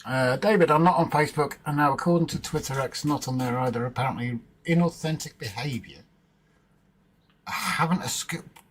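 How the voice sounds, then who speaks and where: A man's voice: fairly high pitch, fairly quick, slight background noise, poor audio. A man hosting a casual livestream from home, chatting informally with viewers in the chat and bantering with his partner. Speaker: livestream host.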